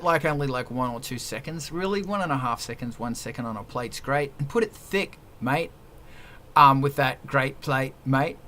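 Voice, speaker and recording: A man hosting a casual livestream chat, joking and crude, with sudden jumps in loudness. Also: fairly high pitch. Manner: joking, crude, loud swings in volume. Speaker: livestream host.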